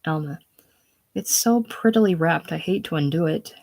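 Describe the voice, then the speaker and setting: A woman reads a reserved, genteel young woman with a low-set, quiet voice. The delivery is soft, formal and a little tired, as in a casual play reading. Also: normal speed, gravelly. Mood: subdued. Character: prim refined young Southern woman, reserved and weary.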